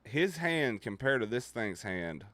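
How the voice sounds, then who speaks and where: A young man streaming live, telling a story casually and profanely, dropping his voice low and quiet for suspense. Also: very animated, unhurried, dry recording. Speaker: livestreamer.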